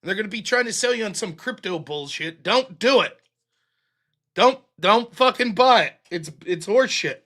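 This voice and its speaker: A man with a high, bright voice talks loosely on a livestream, sarcastic and quick to swear. He rambles between thoughts and reads out viewer donations. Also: animated. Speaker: show host. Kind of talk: livestream chat reading donations.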